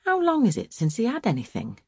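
Woman reading a stern dark-browed mother. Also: on the high side, huge pitch swings, breathy edge, no room sound, studio quality, voice pushed up, heavily acted. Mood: concerned. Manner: hard, measured.

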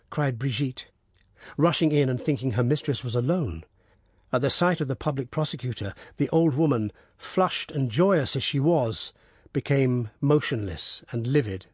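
A man narrating a classic story in a steady, even audiobook reading. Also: mid-range voice, normal speed, breathy edge, dry recording, studio quality.

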